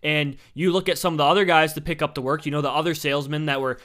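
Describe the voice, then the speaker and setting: A young man talks through a sports story in a casual, animated way, cursing freely and acting out the people he quotes. His voice sits a little high, bright and forceful, with a crisp, clear tone. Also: fast. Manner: animated, blunt, swears, acts out quotes. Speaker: sports commentator. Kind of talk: casual sports opinion talk.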